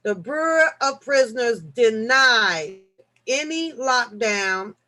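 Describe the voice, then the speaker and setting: A woman with a somewhat high voice hosts a casual live-stream chat. She reads news articles aloud and jokes with her viewers. Her delivery swings from low mutters to loud, laughing outbursts. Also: lively intonation, slow pace.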